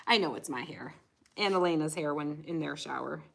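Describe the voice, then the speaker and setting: A woman's voice: deep voice, moderate pace, creaky, a bit bright. Giggly woman crafting on a livestream. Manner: chatty, giggly, says "y'all" often. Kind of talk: casual livestream chat while painting. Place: home craft room.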